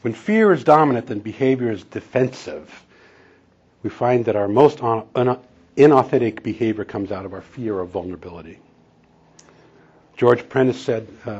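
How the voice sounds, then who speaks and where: A man's voice: mid-range voice, moderate pace, darkish tone, breathy edge, dull audio. A man preaching a sermon in a conversational, storytelling way, chuckling now and then. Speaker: pastor and counselor.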